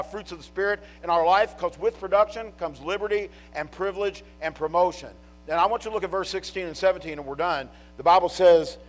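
A man preaching a chapel sermon, telling a Bible story with animated storytelling that swings from hushed to shouting. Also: high voice. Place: college chapel.

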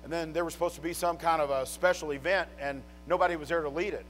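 High-voiced preacher swinging soft to loud. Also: male voice, fast, slight background noise. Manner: animated storytelling, swinging from soft to shouting. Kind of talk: sermon. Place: college chapel.

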